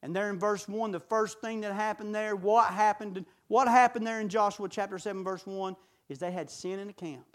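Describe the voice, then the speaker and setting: A middle-aged man preaching a sermon, folksy and full of rhetorical questions, swinging from shouts to low intimate talk. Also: fairly even intonation, moderate pace.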